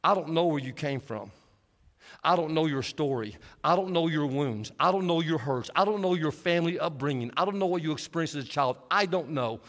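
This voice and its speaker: A man preaching a sermon, telling stories and shifting from hushed, slow passages to lively, animated stretches. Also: on the high side. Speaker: pastor. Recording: long hall reverb.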